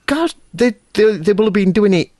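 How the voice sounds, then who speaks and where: A man's voice: high voice, expressive, moderate pace, a little mellow, dry recording. Enthusiastic man, dry sound. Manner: enthusiastic, laughs often. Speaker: podcast co-host. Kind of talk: casual film review chat.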